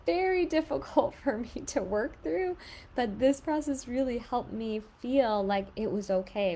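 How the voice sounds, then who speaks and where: A woman and parent giving advice in a casual monologue, explaining calmly with lots of filler words. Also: a little high, a little hiss or hum. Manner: conversational, many filler "like"s, calm explaining.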